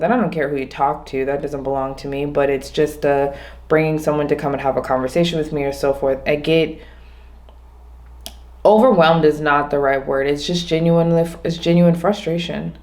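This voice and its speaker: A woman vlogging alone, talking through her day in a rambling, reflective way, often restarting and slowing down on her main points. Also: deep voice, fairly even intonation. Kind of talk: casual reflective monologue.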